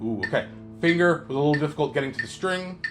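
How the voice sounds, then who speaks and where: A man streaming his guitar practice live, counting beats aloud in a slow sing-song and talking through how each run felt. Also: on the high side. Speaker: guitar teacher practicing on a livestream. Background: guitar playing.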